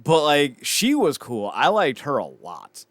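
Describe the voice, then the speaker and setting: Guy cohosting a podcast, swears a ton, laughs a lot, voice a bit high and jumping all over, dry sound. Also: a little slow, no room sound. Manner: animated, profane, laughs often. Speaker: podcast co-host. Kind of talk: casual chat.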